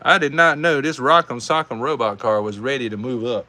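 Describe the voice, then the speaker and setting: A man with a Southern US accent calling live die-cast car races, excitable and saying y'all, reading out times as each heat ends. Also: mid-range voice, fairly quick. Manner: excitable, calls out race times, says y'all. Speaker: die-cast race host and commentator. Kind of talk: live race commentary.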